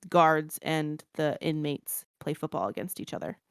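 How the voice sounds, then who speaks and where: A woman's voice: sits low, animated, moderate pace, clean tone, dry recording, clean studio sound. A woman co-hosting a podcast, talking in a laid-back, wry way and often backing her partner up with short agreements. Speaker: podcast co-host. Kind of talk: casual chat, book review.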